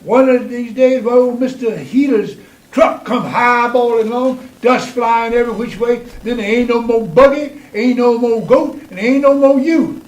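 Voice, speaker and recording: A man's voice: extremely high pitch, moderate pace, darkish tone, lo-fi sound, voice pushed up. A man voicing teasing young farmhands who drawl their warnings, within a told story. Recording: roomy, mic at a distance.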